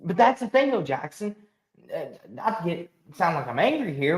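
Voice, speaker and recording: A man hosting a casual sports talk show, ranting emphatically and talking with animated energy. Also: on the high side, normal speed, roomy sound, low-quality recording. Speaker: host.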